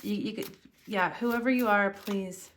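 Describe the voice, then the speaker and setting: A woman's voice: mid-range voice, animated, moderate pace, a bit bright, a little hiss or hum. Woman, tarot reader, casual to-camera reading, earnest and encouraging, mid-range voice, faint card shuffling behind. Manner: earnest, encouraging, speaks straight to the viewer.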